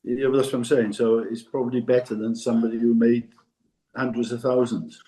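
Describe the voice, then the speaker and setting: A man's voice: mid-range voice, flat delivery, fairly quick, mellow, rough recording. Rambling older man, hesitant chat. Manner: rambling, hesitant, full of restarts and asides. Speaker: podcast co-host. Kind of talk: casual chat between friends.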